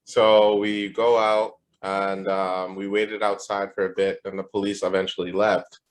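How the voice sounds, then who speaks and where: Deep-voiced laid-back young man. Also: little pitch movement, a little slow. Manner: laid-back, slangy, lots of fillers and swearing. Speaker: podcast co-host. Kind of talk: casual storytelling chat.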